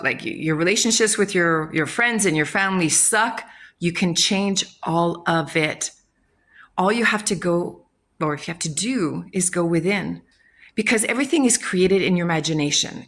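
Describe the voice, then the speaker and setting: A woman's voice: mid-range voice, a bit bright. A woman hosting a self-help channel, speaking in a frank, casual motivational talk, swearing freely and acting out people's inner voices.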